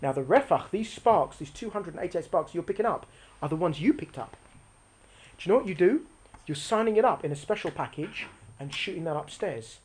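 A woman with a fairly high, lively voice teaches a live religious class. She explains from a diagram, throws questions to her listeners and repeats key lines for emphasis. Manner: explains using a picture or diagram.

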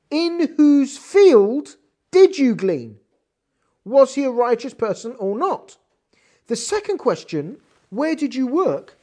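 Animated Torah teacher with lively pitch. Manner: animated, rhetorical questions, reads Hebrew terms. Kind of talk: text study lesson.

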